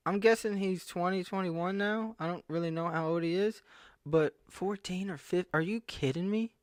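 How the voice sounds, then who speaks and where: Casual camera commentary from a young Southern US man whose voice sits high and moves at a normal speed; he rambles, cuts in on himself, and grows incredulous. Recorded via computer screen capture, it has studio quality and no room sound.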